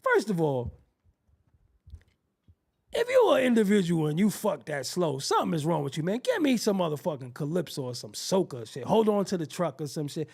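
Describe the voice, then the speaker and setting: With a somewhat high, creaky, husky voice, this adult show host tells crude, funny stories at a moderate pace. He's animated, mimics the characters' voices, and laughs frequently throughout.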